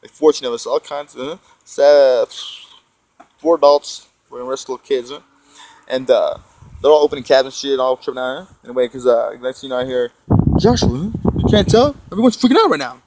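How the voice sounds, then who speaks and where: A man's voice: medium pitch, fairly even intonation, brisk, a little mellow, slight background noise, poor audio. Guy rambling through his own story, lots of swearing, um and yeah? everywhere. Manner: meandering, profane, heavy on fillers and tag questions. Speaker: storyteller recounting spiritual experiences. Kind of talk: rambling personal monologue.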